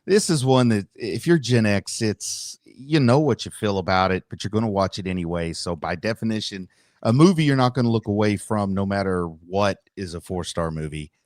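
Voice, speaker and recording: Wry middle-aged man with lively pitch. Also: normal speed, no room sound, studio quality. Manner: wry, joking, does silly voices. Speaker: podcast co-host. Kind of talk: casual movie podcast chat.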